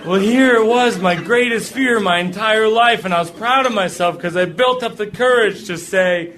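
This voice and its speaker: A man telling a funny personal story to a live audience, animated and jokey, acting out the voices. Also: sits high, moderate pace.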